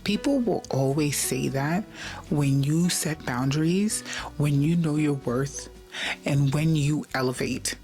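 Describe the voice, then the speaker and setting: A woman's voice: sits low, slow, warm tone, soft background music. A woman hosting a reaction video, commenting with indignation and rhetorical questions.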